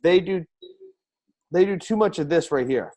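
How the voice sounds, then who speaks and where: A man hosting a live coaching show, talking excitedly and firing off repeated rhetorical questions over a video call. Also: a little high, normal speed. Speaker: host and speaking coach. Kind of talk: energetic live-stream coaching talk.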